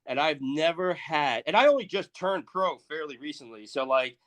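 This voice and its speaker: Profane ranting man, a bit high. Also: expressive, moderate pace. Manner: profane, ranting, swings loud and soft. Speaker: podcast co-host. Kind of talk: crude comedic rant.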